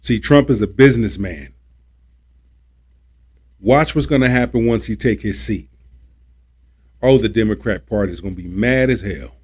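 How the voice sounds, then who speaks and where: A man's voice: fairly low pitch, normal speed, pauses often, a little mellow, slightly rough. A man hosting a livestream, ranting about politics in a preachy, repetitive, emphatic way and swearing when he gets worked up. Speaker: livestream host.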